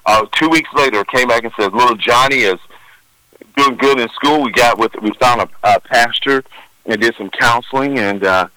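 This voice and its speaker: An older man who works as Santa Claus, telling anecdotes about children in an interview with folksy warmth. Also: medium pitch, normal speed, dry recording, rough recording. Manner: folksy storyteller, acts out children's voices.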